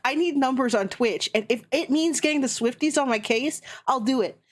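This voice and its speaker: A woman's voice: sits high, normal speed. A young woman streamer ranting heatedly and sarcastically in casual chat, swearing constantly.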